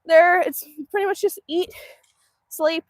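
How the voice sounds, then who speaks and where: A woman's voice: very high voice, steady tone, unhurried, no room sound, studio quality. A woman hosting a casual livestream outdoors on a farm, chatty and laughing often as she answers viewers. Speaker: homestead livestream host. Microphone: phone livestream.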